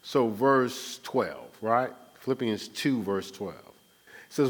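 A man's voice: mid-range voice, expressive, takes it slowly. Male pastor preaching in call-and-response. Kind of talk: sermon. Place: church.

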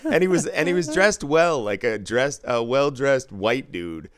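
A man who works a casino floor, chatting casually and telling profane, animated stories full of quoted dialogue. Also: mid-range voice, measured pace, dry recording, studio quality. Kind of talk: casual podcast chat.

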